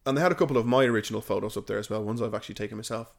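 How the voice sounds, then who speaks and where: A man's voice: on the low side, rapid-fire, creaky. A man co-hosting a casual podcast, telling stories animatedly and swearing freely. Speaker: podcast co-host.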